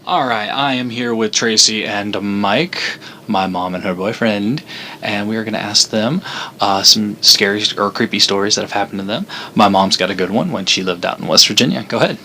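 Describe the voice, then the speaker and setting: A man's voice: on the low side, moderate pace, sharp tone, slight background noise. A man from North Carolina, hosting a podcast and telling stories in a loose, rambling way full of fillers. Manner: rambling storytelling with many fillers. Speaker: podcast host. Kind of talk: casual podcast monologue.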